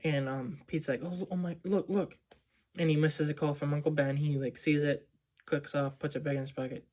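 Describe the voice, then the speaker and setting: A man's voice: a little high, level tone, brisk, darkish tone. A man casually recapping a movie plot as a reviewer, rambling with lots of "um" and "like". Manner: rambling, many fillers like "um" and "like".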